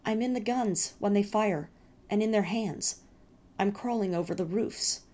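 A woman voicing a strange, fevered boy who speaks in halting, broken words. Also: medium pitch, warm tone, voice pushed up, natural voice. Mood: eerie.

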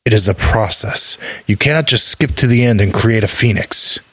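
A man's voice: lowish voice, normal speed, slightly rough, no echo. A man reading a story aloud, voicing a stubborn alchemist in a protesting, bitter way. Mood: defensive. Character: stubborn, weary male alchemist, defensive. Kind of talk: audiobook reading.

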